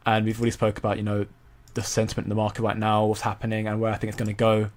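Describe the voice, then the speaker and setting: Speaking fast in a fairly low monotone, this young crypto channel host reads out viewer comments on his laid-back stream. His delivery is full of stumbles and repeated words.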